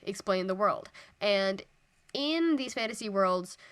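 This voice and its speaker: A woman's voice: medium pitch, animated, takes it slowly, a bit bright, slight background noise. A woman co-hosting a tabletop gaming podcast, chatting casually and eagerly about building a fantasy setting, with plenty of fillers. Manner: enthusiastic, self-described nerdy, many fillers. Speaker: podcast co-host. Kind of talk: casual worldbuilding chat.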